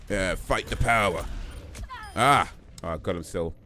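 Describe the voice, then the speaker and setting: A tired man streams a game from his home setup in the UK, chatting casually and answering viewer comments as he plays. His voice sits low and sounds sharp, his pace is a little slow, and there's slight background noise.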